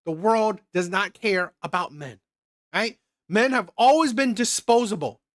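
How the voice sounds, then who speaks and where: A man's voice: high-pitched, lively intonation, unhurried, no echo, studio quality. A man giving blunt reaction commentary, repeating his points and tagging them with "right?", with some swearing. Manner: emphatic, repetitive, swearing, frequent "right?". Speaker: streamer reacting to a clip. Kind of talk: opinionated commentary.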